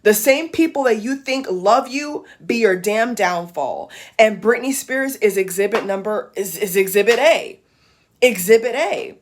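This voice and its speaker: A woman vlogger speaking with fierce conviction, her voice sitting slightly high. She hammers her points home by repeating them and cursing bluntly, in a fired-up commentary style. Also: expressive, measured pace. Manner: fiery, emphatic, repeats phrases for emphasis, swears. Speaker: YouTube commentator. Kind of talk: impassioned vlog commentary.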